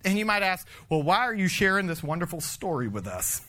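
A man preaching a conversational sermon, animated, laughing often and swinging from loud to hushed. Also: high-pitched, a little fast, a little hiss or hum. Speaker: pastor.

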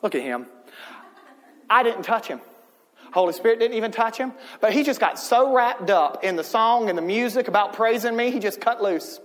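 A man's voice: high voice, animated, moderate pace, in a large hall, pitched above the performer's own voice. A man voicing God the Father as an ancient, fond father, amused and delighted as he talks to his son. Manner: warm, amused, talking to his son in heaven.

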